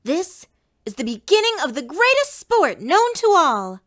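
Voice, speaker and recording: A woman's voice: sits high, very animated, measured pace, fairly bright tone, exaggerated voice. A woman voicing a chipper adult female cartoon duck who co-hosts as an announcer, in a fan audio drama. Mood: announcing. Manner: bubbly showbiz announcing. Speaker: co-host announcer.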